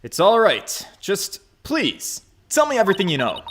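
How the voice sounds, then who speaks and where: A man's voice: sits high, wildly swooping pitch, moderate pace, noisy background. A young man hosting a game playthrough, reading the hero's lines aloud earnestly. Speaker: let's play host. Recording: game music playing behind. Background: game music.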